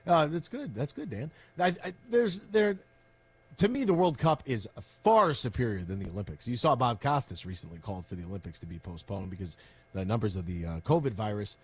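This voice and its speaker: A man's voice: on the low side, a little mellow, breathy edge. A man co-hosting a sports talk show, riffing in an opinionated, joking way. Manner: opinionated, joking, rapid-fire riffs. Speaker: sports radio co-host.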